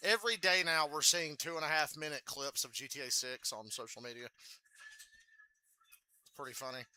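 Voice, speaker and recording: A man with a somewhat high, bright and forceful voice reacts live to a race on his stream. He talks loosely and casually, throws in the odd curse, and keeps clearing his throat between remarks. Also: fairly even intonation, normal speed.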